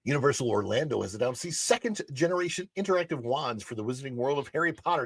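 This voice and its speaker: Gravelly middle-aged man hosting a news chat. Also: medium pitch, lively intonation, quick pace, hardly any pauses, no room sound. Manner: chatty, reads aloud with asides and fillers. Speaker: livestream news show host. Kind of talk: casual news commentary, reading articles aloud. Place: studio.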